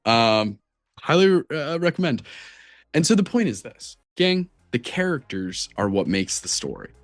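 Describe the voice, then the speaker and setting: A man co-hosting a podcast, retelling a film with animated energy and plenty of swearing. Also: medium pitch, a little slow, dry recording, studio quality. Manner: animated storyteller, swears freely. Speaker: podcast co-host. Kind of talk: casual chat.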